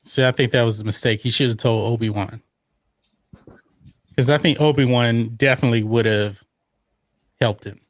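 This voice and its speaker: A man's voice: medium pitch, moderate pace, long pauses, no room sound. Host, male, casual movie watch-along talk, dry close mic. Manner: chatty, reads out viewer comments. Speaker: podcast host.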